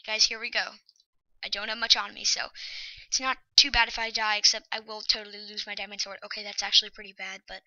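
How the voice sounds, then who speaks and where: A woman giving excitable, anxious gameplay commentary, often dropping to a whisper. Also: medium pitch, fast, creaky, no echo, highs cut off. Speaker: let's play host.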